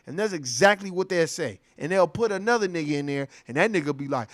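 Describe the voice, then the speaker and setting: A young adult man in a casual, profane monologue, telling stories with lots of energy and acting out other people's voices. His voice sits fairly high and sounds dry and close, with little room around it. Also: normal speed, no room sound. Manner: animated storytelling, acts out voices. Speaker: commentator.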